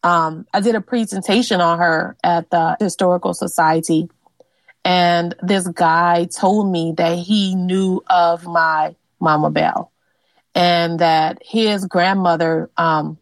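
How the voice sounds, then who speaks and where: A woman's voice: fairly low pitch, steady tone, slow, no room sound. A woman sharing her family's history in an interview, earnest and reflective, with frequent "um" and "like". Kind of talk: personal storytelling in an interview.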